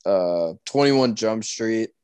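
A young man co-hosting a podcast in casual chat, animated and swearing freely, with sudden loud outcries. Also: lowish voice, slow, smooth, no echo. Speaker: podcast co-host.

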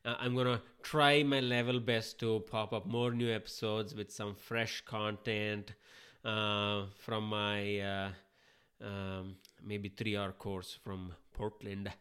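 A man's voice: on the low side, little pitch movement, slow, fairly bright tone, smooth. A man from India, hosting a podcast while sick and under the weather, in a rambling, self-deprecating monologue that swears casually. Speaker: podcast host.

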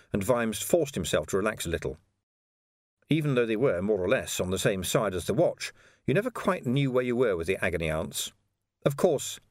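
Expressive male audiobook narrator. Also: mid-range voice, no room sound, studio quality. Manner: expressive, animated storytelling. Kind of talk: scripted narration.

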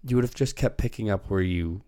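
A man's voice: lowish voice, fairly quick, warm tone. A man hosting a podcast, reflective and casual, with frequent restarts. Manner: reflective, repeats himself with restarts. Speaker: podcast host. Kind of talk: casual interview questions.

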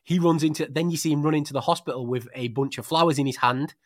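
A man's voice: a little high, fast, no echo, studio quality. A man co-hosting a casual book podcast, blunt and chatty in a colloquial way. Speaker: podcast co-host.

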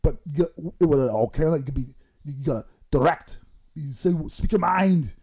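A man's voice: a little high, lively intonation, a little fast, a little mellow, breathy edge. A man doing a comic impression of a boastful bodybuilder, rambling and giggling through mock threats. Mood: scolding. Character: boastful bodybuilder impression, male, middle-aged, menacing-jolly. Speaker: comedy guest in character.

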